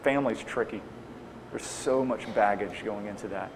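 In a Q&A talk about evangelism, a man with a lowish voice speaks at a normal pace, restating every audience question before giving a plainspoken, earnest reply. Long hall reverb and faint noise color the recording.

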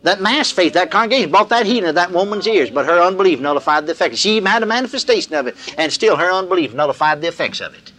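An older man preaches in a folksy, emphatic way. His voice sits high and bright, with a lively rise and fall. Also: very fast, few pauses. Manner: folksy, emphatic, plain-spoken. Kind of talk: sermon leading a call-and-response. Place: large gathering, live recording.

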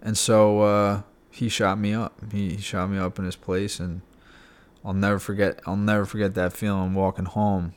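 A man's voice: fairly low pitch, flat delivery, moderate pace, smooth. A young adult man frankly telling his personal story in a casual, unscripted way, with frequent fillers and the odd swear word. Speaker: podcast guest sharing his recovery story.

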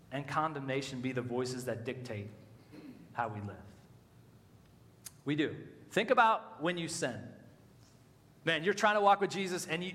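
A man preaching a sermon as a pastor, animated and swinging between loud emphasis and quiet, low passages. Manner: animated, rising and dropping with emphasis, voicing inner thoughts. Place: church sanctuary. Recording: hall reverb.

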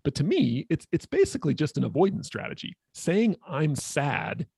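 A man's voice: a little high, big pitch swings, normal speed, gravelly, a little mellow, slightly rough, no room sound, studio quality. A man co-hosting a podcast as a therapist, explaining ideas in a thoughtful, casual way with many fillers. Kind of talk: casual conversation.

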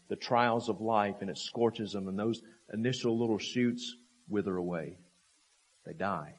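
A man preaching with a low, somewhat husky voice. He drives points home with rhetorical questions and repeated phrases, rising to forceful emphasis and then dropping to quiet, low lines. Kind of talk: sermon.

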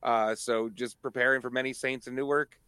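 Bright-voiced man podcast guest. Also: medium pitch, normal speed, clear, resonant tone, no echo. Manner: relaxed, starts with "uh". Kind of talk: casual podcast chat.

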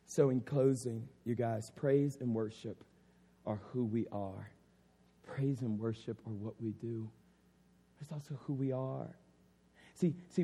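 A man's voice: medium pitch, unhurried, pauses often, warm tone, slightly rough. A man preaching an impassioned sermon as a pastor, circling back with "I mean" and "literally". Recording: long hall reverb.

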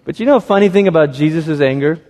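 A man preaching a sermon in a relaxed, conversational way, with a slightly high voice. He slips into little acted-out voices as he goes. His words ring with the long reverb of a large church hall. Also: fast. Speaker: pastor.

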